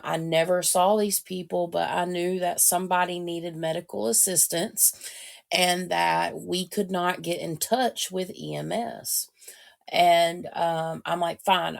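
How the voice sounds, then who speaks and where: Female podcast co-host with a gravelly texture, hesitant storyteller. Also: on the low side. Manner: hesitant, frequent ums. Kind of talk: casual storytelling.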